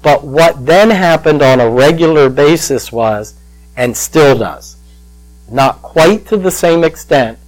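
Slow, emotional older male pastor. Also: fairly high pitch, rough recording. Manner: slow, emotional storytelling, choking up at times. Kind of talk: sermon with personal story.

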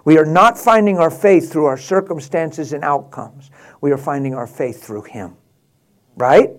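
A man preaching a sermon, rising to passionate, laughing exclamations and dropping to a hushed prayerful tone. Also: on the high side. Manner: drops to a hushed prayerful tone near the end.

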